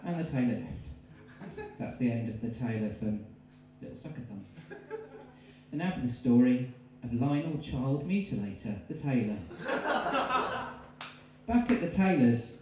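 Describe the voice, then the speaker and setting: A man with an English accent telling an absurd story in stand-up, rambling and cutting in with deadpan asides. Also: medium pitch, measured pace, background noise. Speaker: stand-up comedian. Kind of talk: stand-up storytelling with silly voices. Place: live comedy venue. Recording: distant, very echoey room mic.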